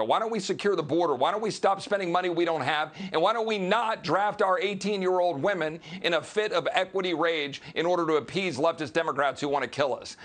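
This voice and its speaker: Fired-up congressman, higher-pitched man. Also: a bit bright. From Texas. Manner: emphatic, combative, rapid rhetorical questions. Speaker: congressman and guest. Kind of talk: heated political interview.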